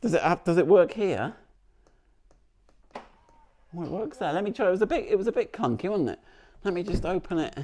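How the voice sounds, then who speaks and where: A man's voice: high voice, animated, brisk, pauses often, mellow, a little hiss or hum. A man presenting a car vlog outdoors beside the vehicle, chatty and jokey, rambling with restarts as he demonstrates.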